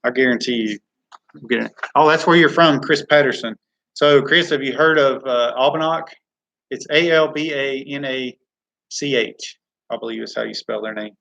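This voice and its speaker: A man's voice: medium pitch, normal speed, gravelly, fairly bright tone, poor audio. A man hosting a live chat Q&A from a studio, rambling and reading viewer comments aloud. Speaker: live stream host.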